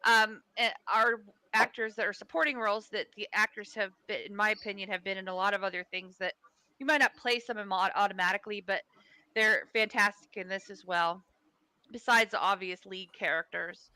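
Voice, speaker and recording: A woman's voice: medium pitch, steady tone, a little fast, bright, forceful tone, no room sound. A woman on a headset co-hosting a casual movie review chat, hesitant, with many ums as she thinks aloud. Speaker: podcast co-host.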